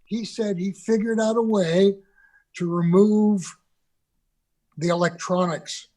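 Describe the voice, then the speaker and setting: A man's voice: sits high, a little mellow. An older man, a guest on a video call interview, reminiscing about recording sessions with loose restarts. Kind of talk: conversational interview.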